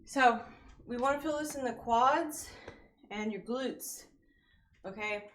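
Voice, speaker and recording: A woman's voice: on the high side, slow, echoey room, slight background noise. A woman leading a live workout class, counting reps and giving casual, encouraging form tips while out of breath. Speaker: fitness coach.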